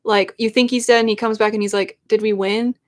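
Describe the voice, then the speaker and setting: A woman's voice: medium pitch, steady tone, brisk. A young adult woman who is a YouTuber, chatting casually and emotionally on a live stream in a rambling way. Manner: emotional, rambling fan talk.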